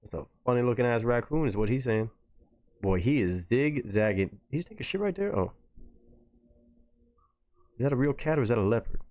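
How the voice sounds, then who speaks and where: A man's voice: medium pitch, animated, moderate pace, long pauses, a little mellow. Joking, crude young male streamer. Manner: crude, joking, slangy banter. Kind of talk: live-stream reaction chat.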